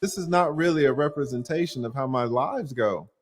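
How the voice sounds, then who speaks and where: A middle-aged man, an attorney hosting a livestream, talking bluntly and emphatically, swearing freely and pushing his voice toward a shout when challenged. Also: medium pitch, a little fast, slightly rough. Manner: raises voice to near-shouting when provoked. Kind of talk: heated livestream talk.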